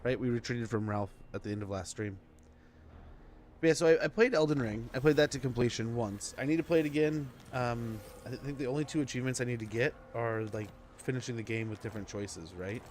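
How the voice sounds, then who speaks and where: A man chats casually while he streams a strategy game, rambling through stories with plenty of fillers. His voice sits at a middle pitch, with faint noise in the background. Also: a little fast, a little mellow. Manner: rambling storyteller with many fillers. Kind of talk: casual gameplay commentary.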